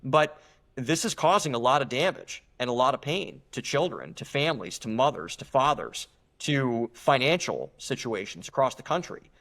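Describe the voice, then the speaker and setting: A young man talks as a guest on a podcast, earnest and emphatic. He often restarts his sentences as he builds a point. His voice sits at a middle pitch. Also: lively intonation, normal speed, a bit bright. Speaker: guest author. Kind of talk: podcast interview.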